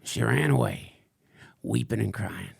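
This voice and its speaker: A man's voice: lowish voice, a little slow, gravelly, breathy edge, no echo, studio quality, exaggerated voice. A man voicing an unhinged male conspiracy crank who rambles through a crude, mock-solemn tirade in a comedic character monologue. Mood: ranting.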